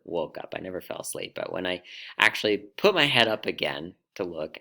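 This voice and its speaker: A man telling a personal story in a reflective way, letting dramatic pauses hang between short phrases. His voice sits fairly low yet sounds bright and forceful. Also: creaky. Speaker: storyteller speaker.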